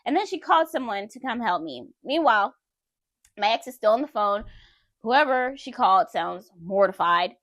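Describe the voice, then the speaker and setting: Candid woman telling her story, higher voice. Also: animated, moderate pace, a bit bright, no room sound, studio quality. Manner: candid, conversational, addresses viewers directly. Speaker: vlogger. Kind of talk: personal storytelling vlog.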